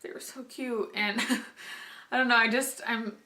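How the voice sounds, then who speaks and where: A woman's voice: a little high, fairly even intonation, measured pace, pushed and bright. A young pregnant woman chatting casually to camera in a vlog, rambling with lots of "like" and little laughs. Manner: chatty, lots of "like" and restarts, laughs while talking. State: heavily pregnant. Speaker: vlogger.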